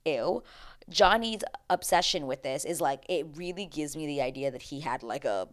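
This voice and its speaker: A woman's voice: deep voice, moderate pace. A woman vlogger giving a casual, opinionated recap of a reality show, chatty and emphatic, with slang and tangents.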